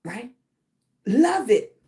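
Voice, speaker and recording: A woman's voice: fairly high pitch, sing-song, drawn-out words, mellow. A woman talking on a live stream about self-love, congested in the chest, often asking "right?". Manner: repetitive, keeps asking "right?". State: chest congestion, clearing her throat. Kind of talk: motivational live-stream talk.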